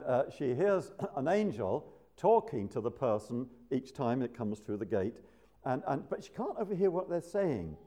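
Older man preaching, lively swooping pitch, mellow warm tone. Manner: animated, rhetorical questioning. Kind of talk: sermon.

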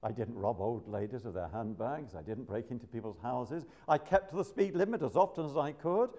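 A man's voice: medium pitch, animated, fairly quick, dark tone. An older man preaching a sermon, asking rhetorical questions.

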